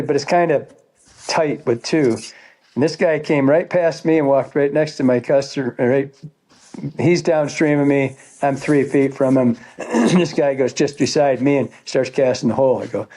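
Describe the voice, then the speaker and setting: A man's voice: mid-range voice, mellow. A man telling fishing guide stories in a casual, rambling way, swearing often and laughing as he goes. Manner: rambling, profane, laughing storyteller. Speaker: fly fishing guide, podcast guest. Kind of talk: casual storytelling.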